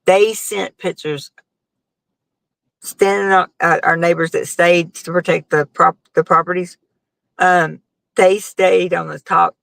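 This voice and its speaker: A woman's voice: fairly low pitch, fairly even intonation, slow, vocal fry, a bit bright, no echo, low-quality recording. A middle-aged woman, hosting a casual live chat and telling a long, rambling story full of fillers. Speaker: host.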